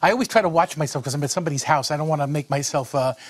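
A man hosts a home cooking segment, chatting while he cooks. His voice sits high and the words tumble out fast. He keeps it folksy and enthusiastic. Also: no room sound. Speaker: cooking show host, a monsignor.

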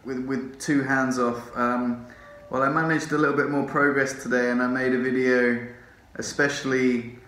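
A man's voice: medium pitch, little pitch movement, moderate pace, a bit bright. Rambling man in a roomy hospital room. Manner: rambling, chatty, swears and laughs often. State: drowsy from morphine. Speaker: vlogger. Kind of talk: casual vlog chat. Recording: roomy echo.

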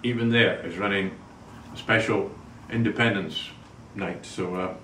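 A man's voice: deep voice, fairly even intonation, a little slow, bright, forceful tone. A man co-hosting a casual political chat, wry and fond of leading questions. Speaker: podcast co-host. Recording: echoey room, distant mic, faint noise.

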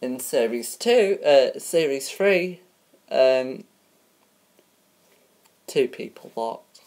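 A woman hosts a homemade mock TV show in a casual, unpolished way. Her voice sits very low, and she talks slowly. She hesitates constantly, filling gaps with ums and uhs and tripping over names. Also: lively intonation, a little mellow. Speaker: host of a homemade spoof show.

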